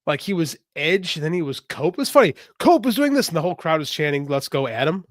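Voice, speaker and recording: A man co-hosts a podcast in lively conversation, his pitch rising and falling widely as he piles on exaggerated complaints. His voice sits slightly high, and the close recording is dry with no echo. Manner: animated, quick to agree, complains with exaggeration. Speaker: podcast co-host. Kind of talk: casual chat.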